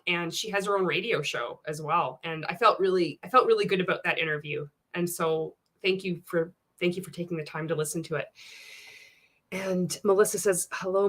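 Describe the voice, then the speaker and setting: A woman hosting a casual livestream, reading chat comments aloud and mocking a coach, swearing freely and laughing often. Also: mid-range voice. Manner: profane, laughing often, animated and teasing.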